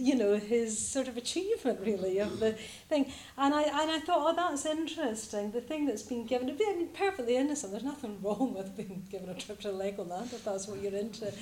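A woman's voice: on the high side, mellow, roomy sound. A woman from Scotland giving a reflective Buddhist talk to a group, hesitant and full of fillers.

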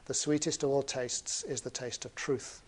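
A man voicing the Buddha as a calm, gentle teacher who speaks in a quiet, measured way. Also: medium pitch, breathy edge, lightly acted.

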